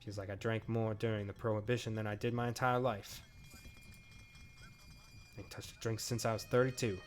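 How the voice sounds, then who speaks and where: A man's voice: fairly low pitch, flat delivery, brisk, close to an everyday voice. A man reading a world-weary woman farmer's narration. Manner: dry, world-weary, folksy drawl in phrasing. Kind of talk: reading game dialogue aloud.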